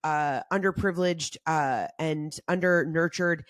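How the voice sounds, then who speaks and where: A young adult woman hosting a casual self-help talk, chatty and animated, acting out quotes with big jumps in her voice. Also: low-pitched, measured pace, dry recording, clean studio sound. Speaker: podcast host.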